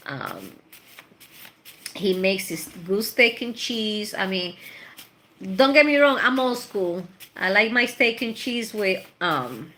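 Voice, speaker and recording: A woman's voice: medium pitch, pushed and bright, slight background noise. A middle-aged woman, a tarot reader, chatting casually and rambling with laughs and bits of Spanish slang. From Puerto Rico. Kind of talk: casual chat.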